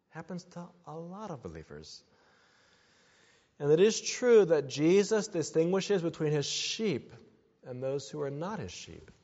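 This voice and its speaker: A man's voice: medium pitch, a little mellow. A man preaching a sermon as pastor, earnest and building to emphatic exhortations. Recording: dull sound with long hall reverb.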